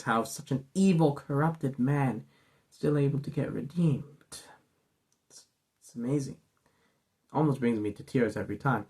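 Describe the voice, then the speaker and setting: A man's voice: mid-range voice, a little mellow. A man hosting a casual vlog monologue, gushing and filling his talk with ums and you-knows. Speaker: channel host.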